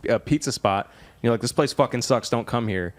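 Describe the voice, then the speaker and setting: A man's voice: medium pitch, a little fast. A man who owns a small business, talking passionately and outspokenly as a guest in a casual podcast conversation.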